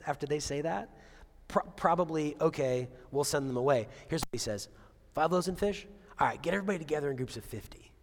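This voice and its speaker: A male pastor preaching a conversational sermon, full of asides and rhetorical questions. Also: medium pitch. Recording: long reverb of a large hall.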